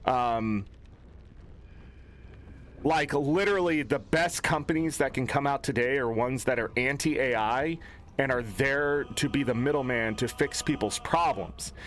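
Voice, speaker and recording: A young man streaming a game, ranting angrily and cursing, swinging between low mutters and loud outbursts. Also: measured pace. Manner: profane, exasperated ranting with swings in pitch. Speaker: gaming streamer. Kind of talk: angry off-the-cuff stream rant.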